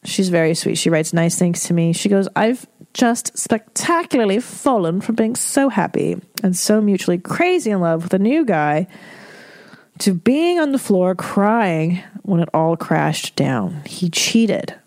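A woman comedian hosts an advice podcast, giving listeners blunt, profane and candid counsel. Her voice sits low and mellow. The recording is dry and close, with no room sound. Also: sing-song, measured pace, no room sound. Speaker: podcast host.

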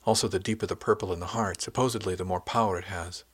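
Man voicing a quiet, hesitant young wife. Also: low voice, steady tone, fast talker, slightly rough, dry recording.

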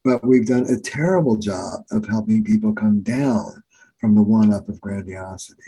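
Over poor audio, a fairly low, mellow, slightly rough male voice comes through at a normal speed. He's an older family therapist telling case stories in a podcast interview, teaching earnestly and emphatically and repeating key phrases.

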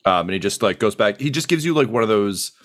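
A game master narrating a tabletop session in a relaxed, meandering way. His voice is on the low side, and he leans on fillers as he describes the scene. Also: fast talker. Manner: casual, filler-heavy narration.

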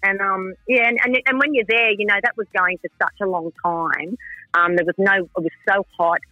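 A woman's voice: mid-range voice, fairly even intonation, normal speed, sharp tone, dry recording, dull audio, soft background music. A woman, chatting frankly and ramblingly as a reality TV contestant in a radio interview. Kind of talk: casual radio interview chat.

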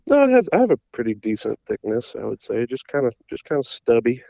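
Hesitant, gravelly man in his thirties. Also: mid-range voice, big pitch swings, dark tone, no echo. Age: 30s. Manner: hesitant, halting. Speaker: caller. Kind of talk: phone-in interview.

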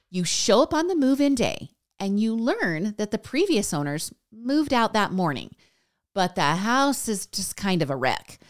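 A woman hosting a podcast, reading a scripted news recap in a chatty way and speaking straight to her listeners. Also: medium pitch. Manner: chatty, addresses listeners directly. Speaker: podcast host.

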